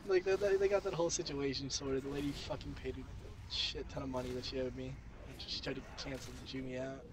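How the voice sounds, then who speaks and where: A man's voice: mid-range voice, fairly even intonation, fast talker, very noisy. A young man telling a rambling, profane story in casual chat, laughing often. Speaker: podcast co-host.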